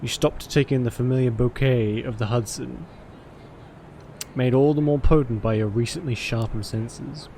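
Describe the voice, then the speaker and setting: A man with a gravelly, creaky edge reads a story game's narration aloud for his stream. He gives the text some drama but keeps cutting in with profane off-hand remarks, at a middling pitch over a faint hiss. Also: steady tone, normal speed, mellow. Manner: dramatic reading broken by cursing asides. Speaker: streamer playing a story game. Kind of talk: reading game text aloud with commentary.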